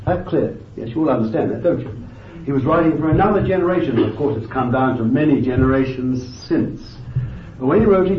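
A man preaching a sermon with fervent emphasis, moving between loud bursts and quiet asides, thinking aloud with restarts and "you see.". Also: medium pitch, recorded from a distance, a little hiss or hum. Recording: dull, lo-fi, echoey and off-mic.

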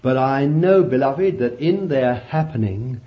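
A man preaching a sermon, animated and laughing often as he calls his listeners beloved. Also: mid-range voice, measured pace, lo-fi sound.

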